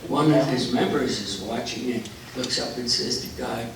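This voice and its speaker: A man telling jokes to a live audience, unhurried, louder on the punchlines. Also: mid-range voice, a little hiss or hum. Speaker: joke teller. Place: forum hall. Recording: echoey hall, voice from far off.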